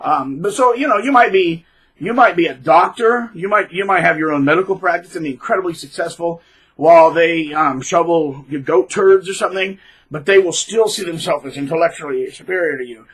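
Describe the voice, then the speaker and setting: A man talks to his audience in a loose, rambling monologue, restarting his sentences and punching words with sudden loud emphasis. His voice sits a little high, with a bright, edgy tone and a husky grain. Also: brisk, low-quality recording. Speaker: channel host. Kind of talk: casual advice monologue.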